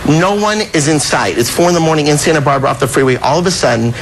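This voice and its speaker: A man guest tells a story in a quick, high voice, laughing along as he goes. His delivery runs excited and rushed. A clear layer of noise sits under the recording. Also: low-quality recording. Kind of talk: animated storytelling. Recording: background noise.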